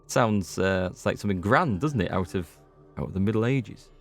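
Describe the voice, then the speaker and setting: A man's voice: lowish voice, fairly quick, dry recording, faint music behind. A man with a North Yorkshire accent, chatting casually and rambling while he plays a game and talks to his viewers. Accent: North Yorkshire English. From North Yorkshire, England. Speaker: let's play gamer. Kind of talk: casual gameplay commentary.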